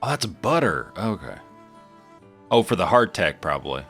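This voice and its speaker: A man's voice: low-pitched, very animated, moderate pace, a bit bright, soft background music. A man giving casual, wry commentary while playing a game, chatting to himself. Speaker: gameplay streamer.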